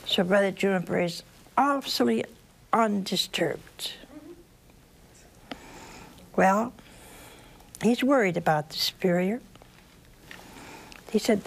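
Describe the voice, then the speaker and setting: A woman tells a story at an unhurried, deliberate pace, her voice strained by a sore throat. Her delivery is plain and gentle, with a dry streak of humor. The recording carries a clear layer of background noise. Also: medium pitch. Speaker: speaker telling a religious story. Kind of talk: storytelling talk to an audience.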